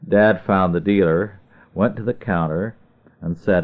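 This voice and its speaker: A man tells a humorous family story in a very low, steady voice. His delivery is dry and even. The sound is thin and tinny, like a phone line. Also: unhurried.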